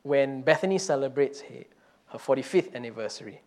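A man's voice: mid-range voice, animated, a little fast, a little mellow. A man preaching a conversational sermon and telling a story, with frequent "you know" fillers and restarts. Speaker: pastor.

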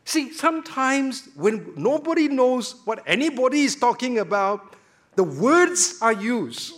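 A man's voice: high-pitched, fairly bright tone. A man preaching a sermon, emphatic, full of rhetorical questions and repeated words.

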